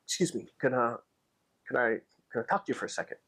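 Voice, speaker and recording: A man's voice: medium pitch, lively intonation, quick pace, bright, forceful tone. A man doing a pushy bragging rich businessman. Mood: eager boasting. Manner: eager, boastful, pleading.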